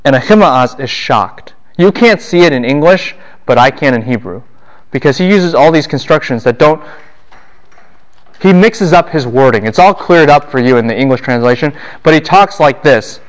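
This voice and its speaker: A middle-aged man lectures a university class on a Bible passage at an ordinary pitch. He keeps asking the room questions and answering them himself. When he quotes someone, his voice jumps up and down in pitch and volume. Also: expressive, normal speed.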